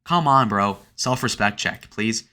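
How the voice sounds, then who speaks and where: Brief: young male commentator, bright and sharp-toned, crude and sarcastic. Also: on the low side, a little slow. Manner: crude, sarcastic, filler-heavy with "like". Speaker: online commentator. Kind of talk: casual reaction commentary.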